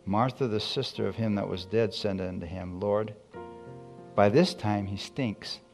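A man preaching a sermon, reading scripture slowly and calling out to his congregation. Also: lowish voice, a little mellow, soft background music.

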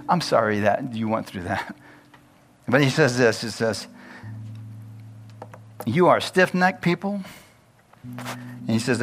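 A man preaching a sermon, folksy and chatty, laughing often and acting out Bible figures in a homely voice. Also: mid-range voice. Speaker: pastor.

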